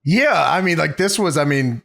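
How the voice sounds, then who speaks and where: A man's voice: a little high, expressive, moderate pace, creaky. A young man co-hosting a podcast, chatting in a laid-back way with crude jokes. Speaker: podcast co-host. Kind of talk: casual recap chat. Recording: loud background noise.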